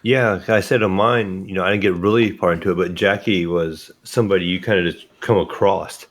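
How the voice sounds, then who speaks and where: Brief: low-voiced male podcast co-host, relaxed and easygoing. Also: brisk. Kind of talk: casual podcast chat.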